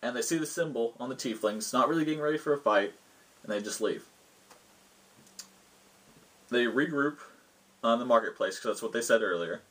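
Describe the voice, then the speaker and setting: A man's voice: mid-range voice, normal speed, long pauses, fairly bright tone, slightly rough, rough recording. A man, the host, casually retelling a tabletop game session he ran, rambling with lots of fillers. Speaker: game master recounting a session. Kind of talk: casual storytelling.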